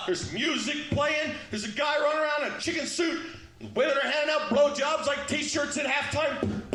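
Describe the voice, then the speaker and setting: A male comedian works through his set with a loud, punchy delivery, acting out little exchanges as he goes. His voice sits very high and sounds bright and forceful. The room around him rings with echo. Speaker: stand-up comedian.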